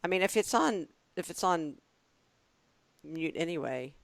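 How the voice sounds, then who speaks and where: A woman's voice: unhurried, creaky, no echo. A woman from the States, co-hosting a podcast and telling stories animatedly, acting out the voices she quotes. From southern United States. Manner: animated storyteller, acts out quotes with big pitch jumps and laughs. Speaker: podcast co-host. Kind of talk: casual comedic storytelling.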